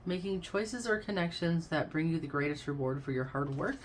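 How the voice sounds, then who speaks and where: A woman's voice: sits low, lively intonation, moderate pace, background noise. A woman giving a casual, effusive tarot reading, chatting to her listeners as babes and y'all. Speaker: tarot card reader.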